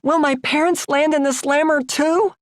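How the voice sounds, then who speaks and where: A woman voicing her own flustered seventeen-year-old self, stammering and panicky in a high voice. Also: normal speed, no room sound, clean studio sound. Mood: panicked. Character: flustered nervous teenage girl, her younger self.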